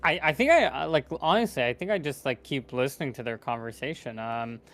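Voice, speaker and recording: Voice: medium pitch, expressive, brisk, a bit bright. A player in a tabletop game who talks in a rambling, casual way and laughs often.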